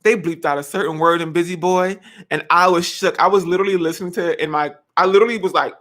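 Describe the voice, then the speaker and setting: A woman's voice: on the low side, fast talker. A woman, chatting casually and dramatically to camera as a vlogger, laughing often and breaking into song. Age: 20s. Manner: animated, dramatic, laughs often, sings snippets. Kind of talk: casual chat.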